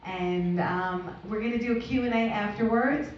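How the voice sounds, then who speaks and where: A woman's voice: mid-range voice, moderate pace, a little hiss or hum. A woman hosting a cinema event, casually introducing a film screening and the Q&A that follows with friendly giggles. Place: cinema auditorium. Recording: echoey muffled hall audio from far off.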